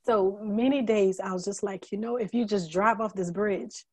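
A middle-aged woman as a guest, telling her story candidly in an earnest, halting way, holding back tears. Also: mid-range voice, a little mellow, husky, dry recording. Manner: earnest, halting, many fillers and restarts; emotional, fighting back tears. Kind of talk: candid conversational testimony.

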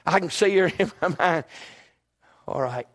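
Preacher man, high voice, folksy, goes from whisper to hollering. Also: a little slow. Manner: folksy, emphatic, swings from hushed to shouting. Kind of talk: storytelling sermon.

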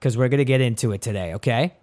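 A man's voice: medium pitch, very fast, a little mellow. Teasing, upbeat male podcast host. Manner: upbeat, teasing, laughs often. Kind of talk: casual podcast chat.

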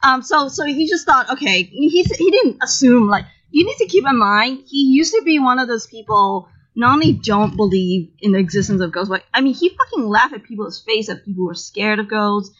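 A woman chatting casually as she tells a story, animated and loose, swearing freely and acting out what people said. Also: on the high side, normal speed, hardly any pauses. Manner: animated, loose and profane, acts out the dialogue. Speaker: podcast co-host telling a story. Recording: slightly dull lo-fi audio.

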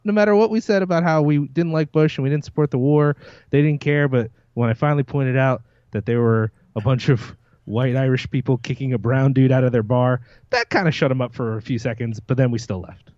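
A man's voice: medium pitch, brisk, darkish tone, no echo, lo-fi sound. A man co-hosting a podcast, telling wry stories in casual chat. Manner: storytelling, wry. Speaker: podcast co-host.

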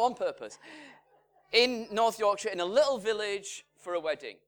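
A pastor delivers a sermon in a fairly high male voice. He speaks slowly and deliberately. His volume rises to strong emphasis and then sinks to hushed, quiet phrases. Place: church in Salford.

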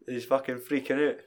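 A young man with a Scottish accent talks casually and animatedly, swearing often and breaking into quick acted-out bits. His voice sits at an ordinary middle pitch. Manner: animated, swears freely, acts out scenes with quick voices and laughter. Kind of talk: casual chat.

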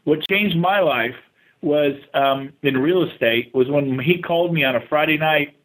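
A man with a somewhat high voice tells his story in a casual interview as a real estate agent guest. He is animated and self-deprecating. He jumps into other people's voices when he quotes them. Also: moderate pace, low-quality recording. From California.

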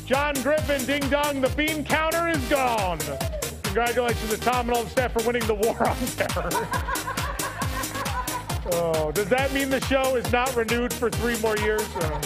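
A man's voice: very high voice, normal speed, over loud music. A man hosting a live stream, casually reading out donations in a playful, laughing, loose manner.

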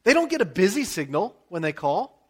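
An American man, a pastor, preaching a sermon in a conversational, animated storytelling way with frequent asides. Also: high voice, fairly quick, husky.

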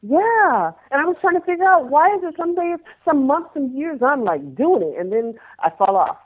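Woman guest, animated storyteller, tinny phone-quality line. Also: high voice, moderate pace. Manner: animated, acts out scenes in changing voices. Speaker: interview guest, former pro dancer. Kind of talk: personal storytelling in conversation.

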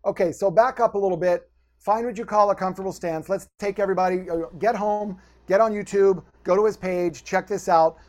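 Energetic male posture coach, high voice, instructive, talks the listener through exercises. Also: fairly quick. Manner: energetic, instructive, gives step-by-step directions. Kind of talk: coaching guest on a podcast.

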